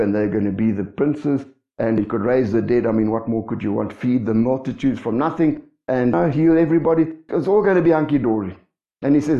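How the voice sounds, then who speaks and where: A man's voice: medium pitch, lo-fi sound. Guy preaching a sermon, swoops up and down a lot, keeps asking the church questions, echoey. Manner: animated, acts out quoted voices, asks the congregation questions. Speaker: pastor.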